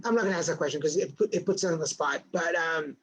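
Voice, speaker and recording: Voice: medium pitch, fast, low-quality recording. An interview host with a mid-range voice who asks long, looping questions, stopping and restarting as they go. A faint hiss of noise sits under the speech. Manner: friendly, rambling questions with restarts, shifting pace. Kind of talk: casual interview chat.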